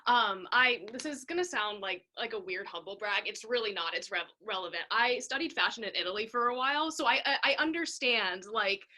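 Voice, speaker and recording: A woman interviewer with a fairly high, bright, lively-edged voice, chatting in a bubbly way, full of fillers and quick to poke fun at herself. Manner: bubbly, filler-heavy, self-deprecating. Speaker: podcast host. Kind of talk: casual interview chat.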